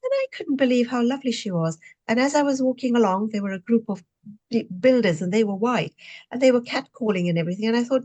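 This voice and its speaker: A woman in her sixties from Zimbabwe, a podcast guest recounting her life with lively, reflective storytelling and frequent fillers. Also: a little high, quick pace. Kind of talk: storytelling interview answers.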